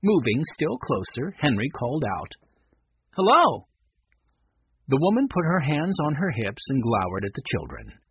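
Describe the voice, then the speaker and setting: A man narrating a children's storybook with a lively, expressive reading. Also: mid-range voice, moderate pace, hardly any pauses, muffled recording, a little hiss or hum.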